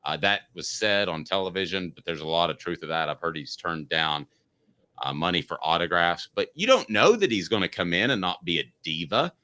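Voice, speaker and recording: A man's voice: deep voice, expressive, fairly quick, pushed and bright. A man hosting a sports talk show, opinionated and emphatic, arguing his points with rhetorical questions.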